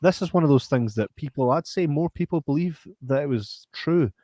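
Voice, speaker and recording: A man's voice: on the high side, expressive, a little fast, mellow, dry recording. A Scottish man hosting a podcast in casual, blunt, sweary chat. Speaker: podcast host.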